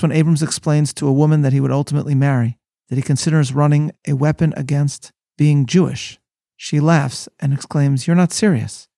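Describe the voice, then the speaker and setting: Gravelly man teaching scripture. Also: a little high, warm tone, dry recording, studio quality. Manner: measured, scholarly, sermon-like. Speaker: host and rabbi. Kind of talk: scripted podcast Bible lesson.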